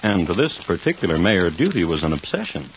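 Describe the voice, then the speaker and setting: Wry, lively male radio narrator. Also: deep voice, a little fast, a little hiss or hum. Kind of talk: scripted radio drama narration. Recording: dull lo-fi old radio recording with music.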